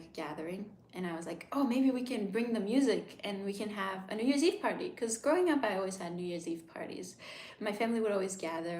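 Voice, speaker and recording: A woman in her thirties chatting casually on a livestream, reading comments and swearing freely, with hushed asides. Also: medium pitch, a little hiss or hum. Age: 30s. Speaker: livestream host. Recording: echoey room sound.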